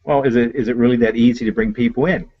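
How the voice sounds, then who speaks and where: A man answers questions in a hesitant, agreeable way, often trailing off before finishing. His voice sits in a middle pitch. The recording sounds dull and muffled. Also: fairly even intonation, fast. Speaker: trainee.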